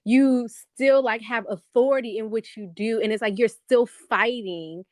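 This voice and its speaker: A woman's voice: fairly high pitch, measured pace, dry recording. Affirming woman in casual chat, dry sound. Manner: affirming, calls her friend girl.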